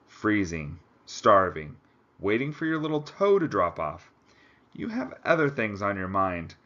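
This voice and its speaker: A man reads a story aloud and drops in relaxed, chatty asides of his own. His voice sits low. The recording is slightly muffled and lo-fi. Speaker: audiobook reader. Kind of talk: book reading with casual asides.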